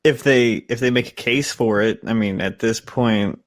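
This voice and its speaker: A man's voice: medium pitch, moderate pace. A young man co-hosting a podcast in casual chat, joking and laughing often. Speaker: podcast co-host.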